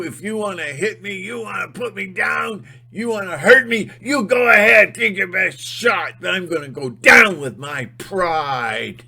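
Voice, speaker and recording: A man voicing a bullied schoolboy who turns furious and defiant, shouting back at his bully. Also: on the high side, voice pushed up, exaggerated voice.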